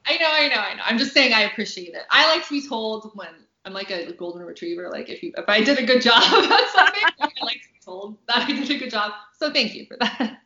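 A woman's voice: fairly high pitch, sing-song, fast, hardly any pauses, pushed and bright, reverberant. Woman, author reading aloud, bubbly, laughs easily, punchy delivery, dull recording. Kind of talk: reading her novel aloud on a podcast.

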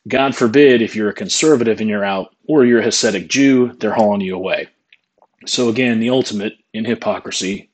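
A man delivers a scornful opinion monologue in a husky, somewhat low voice. He rants and mocks as he talks. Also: low-quality recording. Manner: scornful, mocking ranting. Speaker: political commentator.

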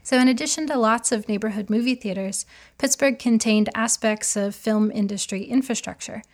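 A woman co-hosting a podcast, reading scripted narration in a clear, informative way. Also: fairly high pitch, moderate pace. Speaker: podcast co-host.

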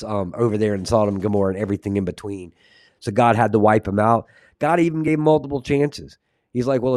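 A man's voice: mid-range voice, a little mellow, no room sound. Fervent man preaching close to a dry mic. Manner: earnest, reads verses aloud, drifts into asides to chat viewers; fillers and restarts, fervent and condemning tone. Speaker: Christian podcast host. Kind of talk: casual preaching with scripture reading.

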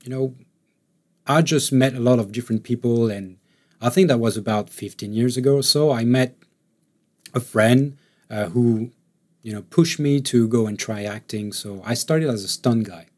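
A man's voice: mid-range voice, moderate pace. Give me a man chatting in an interview. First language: French. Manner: relaxed, laughs often, many fillers and restarts. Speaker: actor, interview guest. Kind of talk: casual interview chat.

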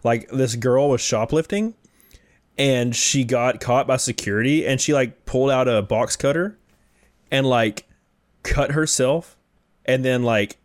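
A young man telling stories in casual chat, rambling and animated with lots of fillers. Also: mid-range voice.

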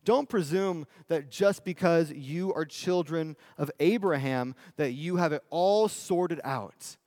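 A preacher voicing a fiery male desert prophet who rebukes his critics, his voice rising high and loud. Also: takes it slowly, no room sound. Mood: scolding.

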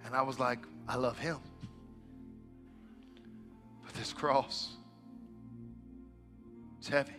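Pastor guy preaching, bright sharp voice, swings soft to yelling, echoey church hall w/ faint music. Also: medium pitch. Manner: swings from hushed to shouting preacher. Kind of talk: sermon.

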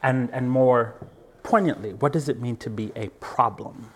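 A man gives a reflective public talk, earnest and animated, often laughing, checking in with his listeners, and sometimes dropping to a hushed near-whisper for emphasis. His medium-pitched voice is slightly rough, at a normal speed.

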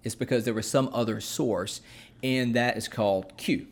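A man's voice: medium pitch, fairly even intonation. A man in casual conversation, explaining at an easy pace with frequent fillers and restarts, like a co-host teaching on a talk show. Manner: unhurried, with many fillers and restarts. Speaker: podcast co-host explaining scripture.

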